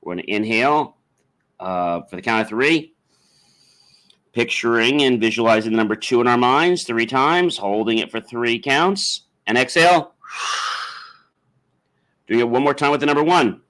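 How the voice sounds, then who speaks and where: A man hosting a solo podcast, rambling with frequent ums and uhs and guiding listeners through slow breathing. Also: mid-range voice, lively intonation, a bit bright. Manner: leads a slow guided breathing exercise. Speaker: podcast host.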